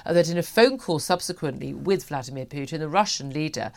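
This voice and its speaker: A woman's voice: low voice, fairly quick, vocal fry. A woman hosting a morning radio talk show, chatty and opinionated, with many fillers. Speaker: radio host.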